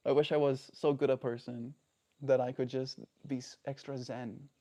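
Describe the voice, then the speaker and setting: A man's voice: medium pitch, flat delivery, moderate pace, dark tone. A man talking earnestly and reflectively on a daily livestream, often checking in with the listener. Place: home.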